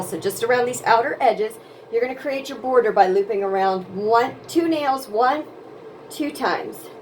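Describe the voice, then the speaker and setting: A woman's voice: fairly high pitch, a little hiss or hum, low-quality recording. A woman giving a patient step-by-step craft tutorial, counting steps aloud as she works with her hands. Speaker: craft instructor.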